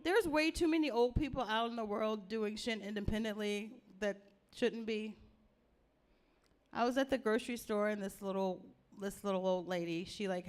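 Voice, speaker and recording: A woman doing casual, crude stand-up comedy with many fillers. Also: mid-range voice.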